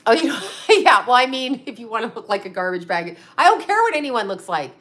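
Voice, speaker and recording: Blunt, bright-voiced woman with a sarcastic edge. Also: a little high, big pitch swings, brisk. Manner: blunt, sarcastic, swears freely. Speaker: psychic medium and astrologer host. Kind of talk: casual livestream chat.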